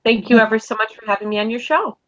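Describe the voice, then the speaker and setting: Bright-voiced joking woman guest. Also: fairly high pitch, fast, no echo. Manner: playful, jokey storyteller. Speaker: podcast guest, psychic. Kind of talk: casual chat. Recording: slightly dull lo-fi audio.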